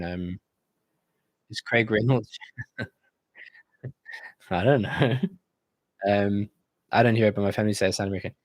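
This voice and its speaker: A man's voice: lowish voice, normal speed, long pauses, no echo. A man hosting a casual live-stream Q&A, reading viewer comments aloud and bantering about them.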